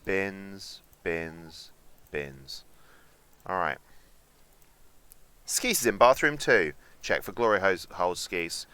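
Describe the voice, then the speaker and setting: A young man streams a game at his desk mic, chatting and cracking jokes with his viewers. His voice sits low but carries a bright, crisp edge. His talk is loose and casual, with the odd swear. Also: slow, pauses often. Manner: chatty, jokey, reads out chat and swears. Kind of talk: casual gameplay commentary.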